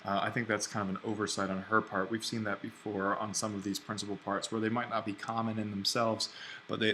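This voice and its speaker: A man teaching an online Greek grammar lesson, thinking aloud and slowing down to spell out each form. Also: fairly low pitch, sharp tone, slight background noise. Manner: explains step by step, thinking aloud; slows down to spell out Greek forms.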